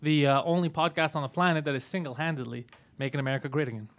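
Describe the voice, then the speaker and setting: Joking man hosting a podcast, slightly high voice. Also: steady tone, rapid-fire, slight background noise. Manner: joking, profane, laughs often. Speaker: podcast host. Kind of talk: casual comedy podcast banter.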